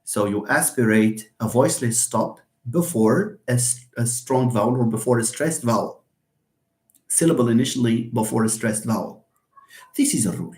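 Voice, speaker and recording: Echoey lecturer asking himself questions. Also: male voice, medium pitch, animated, normal speed, darkish tone. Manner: spontaneous, repeats words, rhetorical questions. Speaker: university lecturer. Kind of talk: live lecture. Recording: roomy echo.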